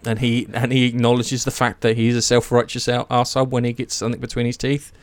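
A man's voice: medium pitch, monotone, quick pace, no room sound. A man chatting casually and eagerly about a series, rambling with many fillers and restarts. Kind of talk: casual chat.

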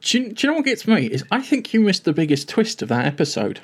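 A man in casual conversation, retelling a TV episode in a rambling, animated way and swearing freely. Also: high-pitched, fast talker, slightly rough. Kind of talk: casual TV recap chat.

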